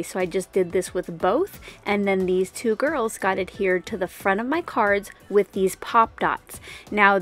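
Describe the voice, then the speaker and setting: A woman's voice: mid-range voice, a bit bright. A woman hosting a card-making tutorial, explaining each step in a chatty, casual voice-over. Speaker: card-making channel host.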